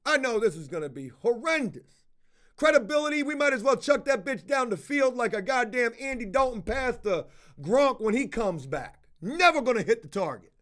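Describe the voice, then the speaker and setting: High-voiced, cussing male vlogger. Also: sing-song, normal speed, a bit bright. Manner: profane, exasperated, blunt. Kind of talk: casual storytelling rant to camera.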